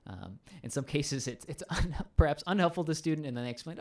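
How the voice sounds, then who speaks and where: A man's voice: on the high side, animated, fast talker, darkish tone. A male teacher in a casual conversation, explaining at length in a thoughtful way with frequent ums and restarts.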